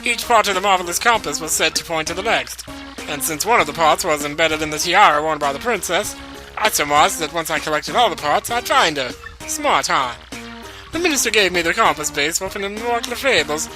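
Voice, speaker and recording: A man putting on an eager, slightly nervous plumber hero from a video game, his fake Italian-style accent bouncing along well above his own voice. The tone is very bright and edgy, with a chatty, boastful streak. The man reads the lines as a let's-play commentator. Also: a little high, expressive, brisk, faint music behind, voice pushed up, poor audio. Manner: eager, chatty, calls listener bro. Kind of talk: reading game dialogue aloud in character.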